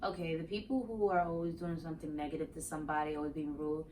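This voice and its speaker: A woman's voice: deep voice, little pitch movement, fast talker, a little mellow. A young adult woman in casual chat, chiming in earnestly. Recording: distant mic, faint background noise.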